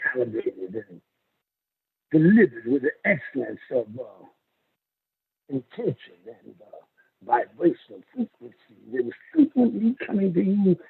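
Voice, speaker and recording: A man musing and half-singing in a slow, rambling spoken monologue about love and meaning, with sudden leaps into a high voice. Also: gravelly, slightly rough. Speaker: self-styled spiritual teacher. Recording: phone-quality lo-fi audio.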